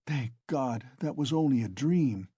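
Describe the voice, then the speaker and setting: A man's voice: mid-range voice, expressive, measured pace, warm tone, husky, dry recording, clean studio sound. A man doing a shaken feverish young student. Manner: breathless, anxious muttering.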